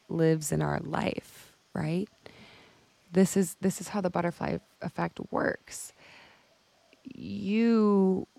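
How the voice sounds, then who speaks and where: Low, gravelly-voiced woman coach. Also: darkish tone, no room sound. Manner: storytelling, acts out other people's lines, swears casually. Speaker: women's life coach. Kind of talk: motivational talk.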